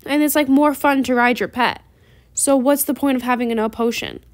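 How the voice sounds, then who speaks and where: Teen girl, gaming chat, rambling, tired, slightly high voice. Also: fairly even intonation, a little fast. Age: teens. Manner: chatty, lots of "like", sighing and tired. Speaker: gaming YouTuber. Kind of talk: casual gameplay chat.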